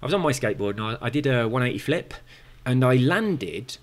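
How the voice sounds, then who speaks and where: Going through viewer comments for his gaming videos, a man with a very slight lisp chats loosely, wandering off on tangents with plenty of fillers and restarts. His mid-range voice is expressive and fairly quick.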